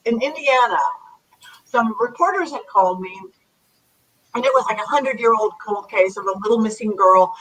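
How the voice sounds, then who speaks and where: A woman being interviewed as a psychic medium, chatting in a lively, animated way over a video call. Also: on the high side, breathy edge, poor audio. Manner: chatty, animated, acts out commands to spirits. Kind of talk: casual interview chat.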